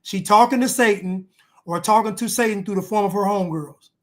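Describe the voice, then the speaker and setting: A man's voice: sits high, brisk. A man reacting to clips with blunt, emphatic commentary, repeating lines for emphasis.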